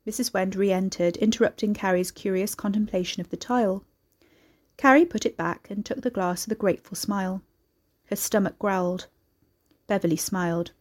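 A woman with a medium-pitched voice reads a scripted story aloud as narrator. Her delivery is steady and measured, in a classic storytelling manner.

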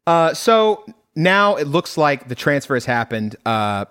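A podcast co-host with a smooth, somewhat high voice speaks a little slowly while recapping a film in casual conversation. He swears freely, laughs a lot, and tells the story animatedly.

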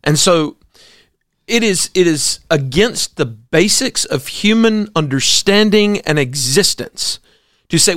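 Male pastor co-host, emphatic opinion talk, slightly high pitch, dry studio sound. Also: animated, slow pace, a bit bright, dry recording. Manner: opinionated, emphatic, rhetorical questions. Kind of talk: casual talk show commentary.

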